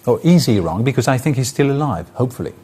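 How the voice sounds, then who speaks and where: Man, lecturer, live talk in a hall, middle-pitched voice, spoken examples. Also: lively intonation, quick pace, warm tone, husky. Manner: explains with spoken examples and varied intonation.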